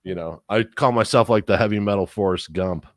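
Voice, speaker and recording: A man's voice: fairly low pitch, a little fast, dry recording, studio quality. A man telling a long story in casual chat as a podcast co-host, swearing freely and acting out the other people's lines. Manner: profane, animated storyteller acting out quotes.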